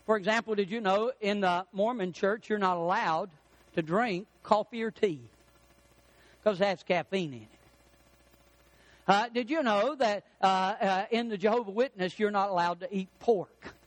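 High-voiced preacher, emphatic and dry. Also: male voice, no room sound. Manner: emphatic, drawn-out stresses on key words. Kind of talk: sermon.

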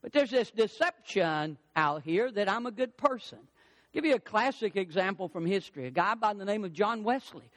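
Older male pastor, very high voice, emphatic preaching cadence. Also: expressive, normal speed, a bit bright. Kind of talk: sermon.

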